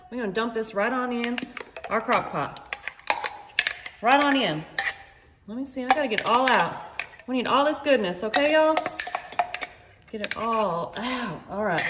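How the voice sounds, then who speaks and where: Woman, high bright voice, casual self-deprecating cooking host, roomy kitchen sound with pans in the background. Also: lively intonation, measured pace, long pauses, very noisy. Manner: chatty, self-joking, keeps saying "y'all". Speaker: home cooking channel host. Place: home kitchen.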